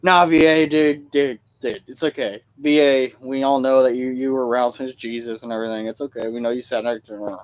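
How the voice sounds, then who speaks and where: A man's voice: medium pitch, steady tone, brisk, hardly any pauses. A man hosting a casual livestream, rambling through stories and jokes. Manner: rambling storytelling, joking. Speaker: livestream host and Civil War reenactor.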